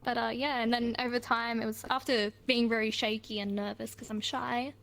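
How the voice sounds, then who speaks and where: High, bright-voiced chatty woman. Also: flat delivery, normal speed. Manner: rambling, giggly storytelling. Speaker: interview guest. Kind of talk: casual chat. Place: online voice chat.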